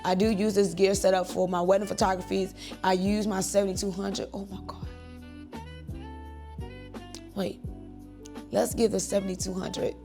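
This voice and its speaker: A woman in her thirties, a church and wedding photographer, chatting to camera at home in a lively, rambling way. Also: medium pitch. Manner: chatty, animated, digressive. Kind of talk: casual talk to camera.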